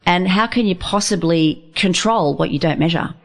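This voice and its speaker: A low-pitched woman with a gravelly texture, talking as a guest in a radio studio. She speaks bluntly and emphatically, pressing her points in a no-nonsense manner. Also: moderate pace. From Australia. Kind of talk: casual radio interview.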